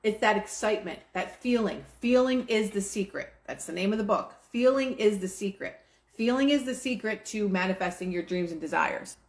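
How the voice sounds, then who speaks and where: A woman hosting a live stream, chatting casually and teaching about manifesting, with a relaxed manner full of fillers. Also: medium pitch, normal speed. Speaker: host of a manifesting livestream. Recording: roomy echo.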